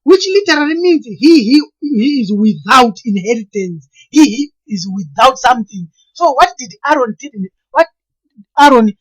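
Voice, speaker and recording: Woman w/ a background, husky and a bit high, explaining slowly, keeps restarting words. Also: expressive. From Zimbabwe. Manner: earnest, deliberate, often stalls and restarts words. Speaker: lecturer on name meanings. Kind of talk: explanatory monologue.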